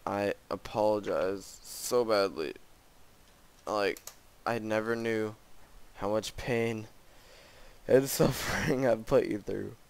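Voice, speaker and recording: A man's voice: lowish voice, clean tone. A man giving casual let's-play commentary on a custom game map, gasping and exclaiming often and mocking himself. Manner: frequent gasps and exclamations, self-mocking. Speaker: gamer playing a custom map.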